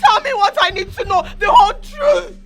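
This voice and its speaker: An actress playing a distraught young woman from a Nigerian film, shouting near tears as she demands to know her father; Nigerian accent. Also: very high voice, animated, normal speed, music in the background. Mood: desperate, pleading. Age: young adult. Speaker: daughter. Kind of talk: Nollywood film acting.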